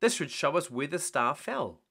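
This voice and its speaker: Confident boy leader giving orders, bright and lively, read by a man. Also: fairly high pitch, moderate pace, slightly rough, heavily acted. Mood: commanding.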